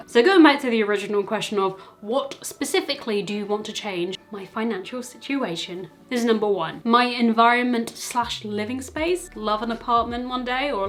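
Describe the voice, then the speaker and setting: A young woman from the UK vlogging in a chatty, self-mocking way. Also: on the high side. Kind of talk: casual chat to camera. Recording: faint music behind.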